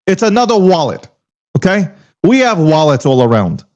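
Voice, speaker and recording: Guy going off about crypto, high lively voice, cussing, dull lo-fi sound. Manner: profane, emphatic, rapid rhetorical questions. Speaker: crypto commentator. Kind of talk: heated casual rant. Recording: dull lo-fi audio.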